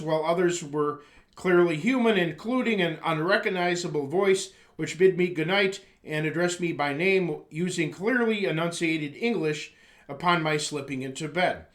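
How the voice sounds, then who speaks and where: Male narrator, slightly high-pitched, reads an essay earnestly and steadily. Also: a bit bright. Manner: earnest, measured, with occasional stumbles and throat clearing. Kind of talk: reading a personal essay aloud.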